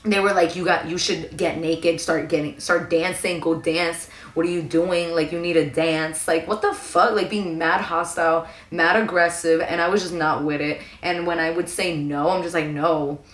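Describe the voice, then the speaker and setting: A young woman tells her storytime vlog in a loose, animated way, full of slang and swearing. She is recorded in her room, and the room makes her voice echo. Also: on the low side, normal speed, hardly any pauses. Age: young adult. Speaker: vlogger. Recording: echoey room.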